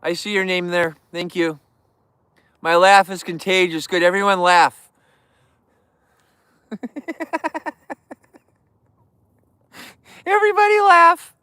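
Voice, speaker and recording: A man's voice: high voice, flat delivery, moderate pace, a bit bright, clean tone, no echo, clean studio sound. A man hosting a casual livestream, chatting and joking in a goofy, youthful-sounding voice. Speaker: livestream host.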